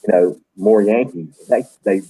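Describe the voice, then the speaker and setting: A man in his fifties from the Deep South with a Southern accent, a show host telling rambling stories in casual chat. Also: normal speed, dark tone, a little hiss or hum, poor audio. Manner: rambling storyteller, many "like" and restarts. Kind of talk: casual chat while canning.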